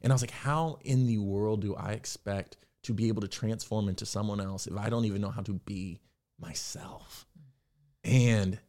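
A young man, an actor, talking candidly in an interview, telling his story in a reflective, animated way. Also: lowish voice, normal speed. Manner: candid, reflective, animated when quoting himself. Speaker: actor and podcast guest.

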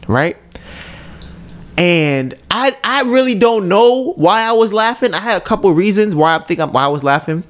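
A man's voice: high voice, sing-song, normal speed, a bit bright. A man hosting a podcast, telling a story in a casual chat, laughing often and tagging sentences with "right?". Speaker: podcast host.

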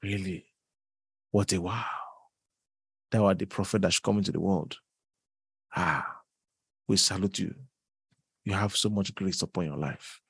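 A man putting on a fawning churchgoer who flatters a self-styled prophet in mock-solemn, old-fashioned reverent words. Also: low-pitched, unhurried, vocal fry, long pauses, husky, no echo, voice pushed down, exaggerated voice.

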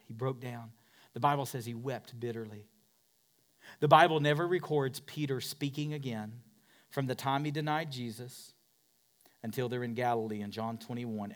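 A male pastor preaching a sermon with passion, dropping to hushed tones and climbing to loud, shouted declarations. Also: mid-range voice.

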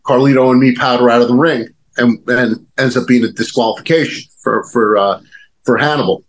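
A man's voice: medium pitch, fairly even intonation, fairly quick, rough recording. A man in his fifties, a former wrestler, telling stories in a rambling, casual way, with many restarts, fillers and the odd swear word. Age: 50s. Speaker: guest, former pro wrestler. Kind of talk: casual storytelling chat.

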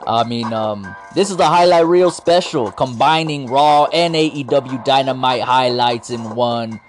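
A man hosting a wrestling podcast, talking in a playful, slangy, self-mocking way. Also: medium pitch. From Latino. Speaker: podcast host. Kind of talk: casual wrestling podcast commentary.

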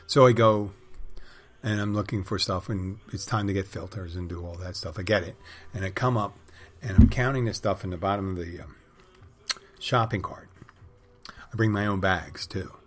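A man's voice: low-pitched, normal speed. A middle-aged man rambling through a casual monologue, with wry, digressive, crude humor.

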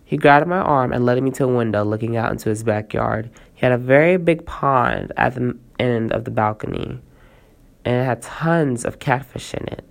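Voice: medium pitch, normal speed, creaky. A storyteller reading a first-person tale aloud and breaking off now and then for casual asides to listeners.

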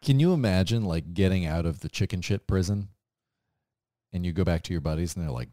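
A young man with a very low voice co-hosts a comedy podcast, recounting odd news in loose, joking chat. The sound is close and dry, with no room around it. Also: lively intonation, brisk, no room sound. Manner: storytelling, swearing, laughing loudly. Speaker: podcast co-host.

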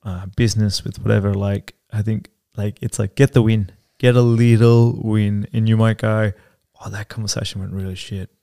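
Gravelly man, casual rambling. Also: lowish voice, flat delivery, moderate pace, mellow. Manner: rambling, swears casually, many fillers. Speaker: podcast co-host. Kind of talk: casual chat.

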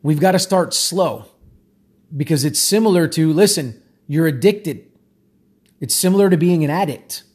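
Male self-help speaker, raspy and high-pitched, casual and insistent. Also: expressive, moderate pace, darkish tone. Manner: emphatic, repetitive, conversational. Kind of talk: motivational monologue.

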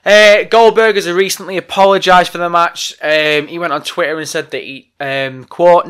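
A man's voice: high voice, fairly even intonation, moderate pace, hardly any pauses, a bit bright, clear, resonant tone. A man hosting a solo wrestling podcast, ranting bluntly and swearing a lot. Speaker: podcast host.

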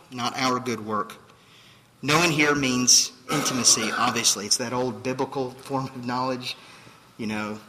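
In a large hall, a man delivers a sermon as pastor, forceful in tone, heavy on rhetorical questions, and acting out quoted voices. His mid-range voice sounds pushed and bright, and the low-quality recording has a bit of hiss or hum.

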